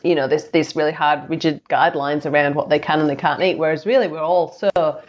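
A woman's voice: deep voice, fairly even intonation, a little fast. A chatty, enthusiastic woman from England hosting a casual interview, with many fillers. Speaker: podcast host. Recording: slightly dull lo-fi audio.

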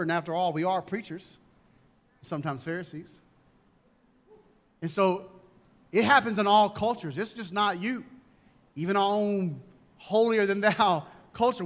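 A man's voice: sits high, a bit bright. A male pastor preaching a sermon emphatically and asking rhetorical questions, in a church. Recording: long hall reverb.

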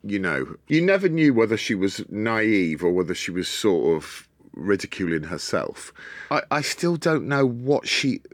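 A man's voice: fairly low pitch, measured pace, dry recording, studio quality. A man from Wales, telling stories as a guest in a casual chat and acting out the people in them. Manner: animated raconteur who acts out voices.

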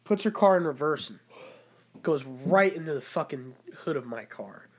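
Profane, animated young man telling stories. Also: on the high side, moderate pace. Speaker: podcast co-host. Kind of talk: casual chat, storytelling.

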